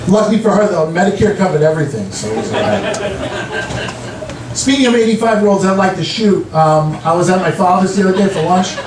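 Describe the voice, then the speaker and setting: Man, stand-up comic, high voice, deadpan storytelling, roomy club sound from a distance. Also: fast talker, crowd noise. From Long Island, New York. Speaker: stand-up comedian. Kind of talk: stand-up set. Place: comedy club stage. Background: audience laughter.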